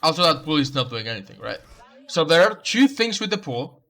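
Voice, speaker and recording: Bright-voiced man coaching a game replay. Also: fairly high pitch, very animated, fairly quick. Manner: instructive, repeats key advice. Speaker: game coach reviewing a match. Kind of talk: coaching commentary over gameplay.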